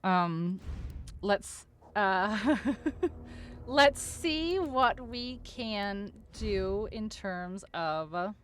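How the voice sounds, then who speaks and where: Woman streamer, middle pitch, flustered gushing chat, near tears. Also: expressive, drawn-out words, a bit bright, clear, resonant tone. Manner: flustered, gushing thanks to viewers, stumbling over words. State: overwhelmed, close to tears. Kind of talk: casual live-stream chat.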